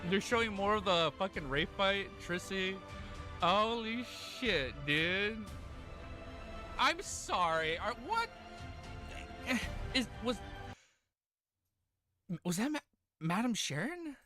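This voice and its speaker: Excitable young man streaming a reaction. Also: high voice, slow, long pauses, music in the background. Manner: excitable, swearing, laughing often. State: tearful.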